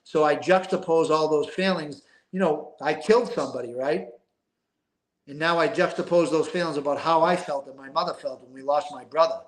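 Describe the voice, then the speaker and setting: A man's voice: on the high side, fairly quick, echoey room. An older man, telling stories in a rambling, emphatic street-talking way as an interview guest. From East Boston. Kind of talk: casual interview storytelling.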